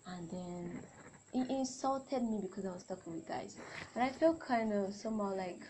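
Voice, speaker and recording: A woman's voice: medium pitch, brisk, noisy background. A young adult woman hosting a solo podcast, talking in a chatty, rambling way and often correcting herself. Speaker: podcast host.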